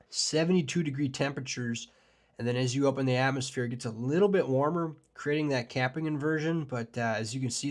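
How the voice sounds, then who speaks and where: A man hosting a live weather forecast stream, talking casually and rambling with lots of fillers, excited about storms and chatting with viewers. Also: medium pitch. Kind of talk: live forecast discussion with chat.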